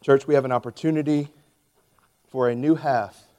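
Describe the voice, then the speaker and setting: A man in his forties preaching a sermon as pastor, with animated, emphatic storytelling. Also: mid-range voice, moderate pace.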